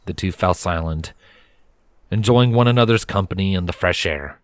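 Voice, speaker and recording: A man narrating a fanfiction story in a calm, steady read-aloud manner. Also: sits low, moderate pace, dry recording, studio quality. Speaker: fanfiction reader.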